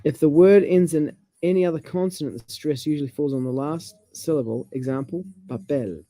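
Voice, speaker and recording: A man, chatting casually about language and reading passages aloud with halting restarts. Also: a little high, steady tone, warm tone, faint music behind.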